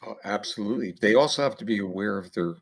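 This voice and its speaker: Speaking fast in a gravelly, lowish voice, a male neuroscientist guest lays out his research at length in an interview. His manner is lecturing, though he drops in casual fillers.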